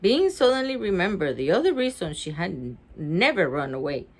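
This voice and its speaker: Expressive mother reading a storybook aloud. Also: on the low side, moderate pace. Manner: expressive, chatty, laughs easily. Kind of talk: storybook read-aloud with chatty asides. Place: at home with her dog.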